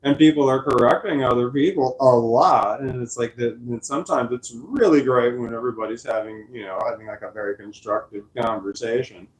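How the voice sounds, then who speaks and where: A man's voice: mid-range voice, a little fast, few pauses, poor audio. A man vlogging from his couch at home, rambling casually into a microphone and correcting himself as he goes. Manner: chatty, meandering, self-correcting; doting baby-talk to his dog. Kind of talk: casual rambling talk to camera. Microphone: desk microphone.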